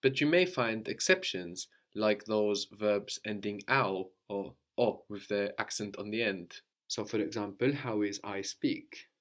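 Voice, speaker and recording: A male language teacher with a fairly low voice guides a lesson, patiently prompting his student with questions. He often closes a point with a quick "no?" to check in.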